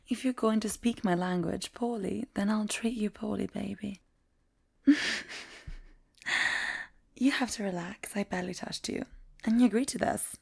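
A woman playing a strict, teasing Italian tutor in a whispered role-play, slow and domineering with soft laughs. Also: mid-range voice, gravelly, slightly rough.

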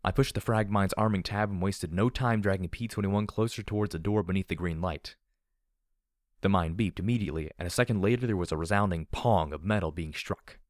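Deep-voiced man narrating an audiobook. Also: a little fast, no room sound, studio quality. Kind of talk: first-person story narration.

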